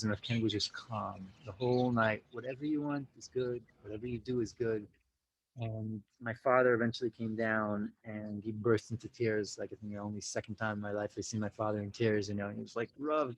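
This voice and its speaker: Heard in a low-quality recording, a fairly low-voiced man from the U.S. tells a story as a podcast guest, easygoing yet animated. Fillers like "like" and "you know" run throughout, he performs the quoted lines, and Yiddish and Hebrew religious vocabulary surfaces along the way.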